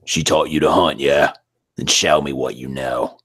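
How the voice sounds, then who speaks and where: A man's voice: a bass voice, fairly even intonation, normal speed, a bit bright, slightly rough, no echo, voice pushed down, full character voice. A man voicing a stern, hulking male warrior god from a video game in a put-on Cockney accent that drifts toward Australian. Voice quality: growling, heavy.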